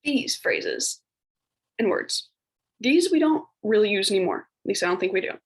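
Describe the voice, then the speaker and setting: A young woman teacher talks her class through a recorded lesson, loose and chatty, full of filler words. Her voice has a husky, slightly breathy grain at a middle pitch. Now and then she slips into playful, mock-fancy voices. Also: lively intonation, moderate pace, low-quality recording. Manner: casual, chatty, many "like" fillers; puts on playful voices for old phrases.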